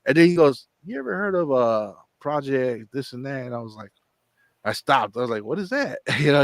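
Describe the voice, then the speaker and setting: A man's voice: medium pitch, dry recording, clean studio sound. A man hosting his own channel, telling a long rambling story in casual chat, repeating words and acting out what people said. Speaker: channel host.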